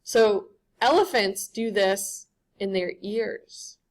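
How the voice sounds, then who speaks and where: A woman's voice: mid-range voice, slow pace. A woman giving a classroom lecture, conversational and often checking in with the students.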